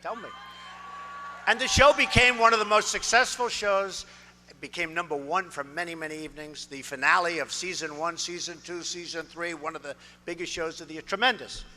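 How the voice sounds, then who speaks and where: A man's voice: fairly high pitch, fairly quick, sharp tone, a little hiss or hum. A man in his sixties giving a campaign speech in a large hall, boastful and repetitive, punching out short phrases. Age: 60s. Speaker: political candidate. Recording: reverberant hall with faint ambience.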